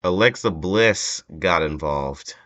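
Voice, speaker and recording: A man's voice: deep voice, expressive, slow, sharp tone. A young man hosting a casual wrestling prediction chat, rambling and hesitant, with many fillers and restarts. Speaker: wrestling channel host. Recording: dull lo-fi home recording.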